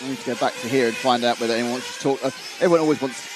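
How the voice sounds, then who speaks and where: A man's voice: mid-range voice, steady tone, rapid-fire, noisy background. A man doing live commentary on a model car race, chatty and reading out viewer comments.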